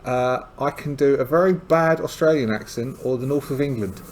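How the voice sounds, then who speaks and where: A man's voice: mid-range voice, normal speed. A man narrating a solo tabletop game, rambling and hesitant with many fillers and side remarks.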